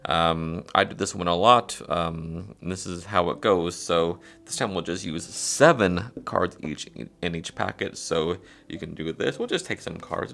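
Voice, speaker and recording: A man's voice: sits low, measured pace, gravelly, a bit bright. A man casually teaching a card trick step by step, with frequent fillers, counting cards aloud as he demonstrates. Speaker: magic tutorial presenter.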